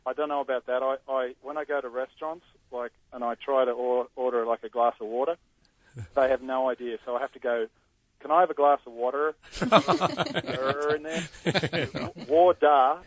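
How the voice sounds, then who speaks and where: A man's voice: medium pitch, fairly even intonation, moderate pace, no room sound. An Australian man in his forties, a golfer chatting as a guest, self-deprecating and rambling with lots of fillers. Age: 40s. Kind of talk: casual interview chat. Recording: slightly muffled, dry line.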